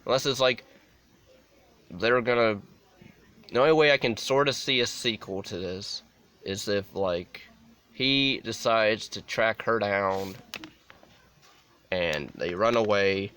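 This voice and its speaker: A young adult man talks through a film review in a casual, rambling way, full of restarts and "like" fillers. His voice sits low but sounds bright and forceful, with a smooth, crisp clarity. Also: slow pace, long pauses. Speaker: movie reviewer.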